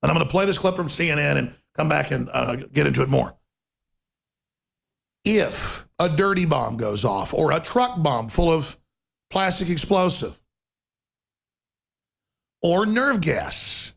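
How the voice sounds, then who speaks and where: Ranting sarcastically and emphatically, this male radio host breaks into rapid bursts of speed. Animated and fairly bright in tone, his rather high male voice has a gravelly rasp and husky edge.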